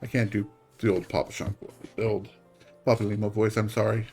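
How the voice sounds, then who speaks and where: A man's voice: lowish voice, little pitch movement, fairly quick, darkish tone. A man streaming live, chatting casually with rambling, self-deprecating asides over faint music.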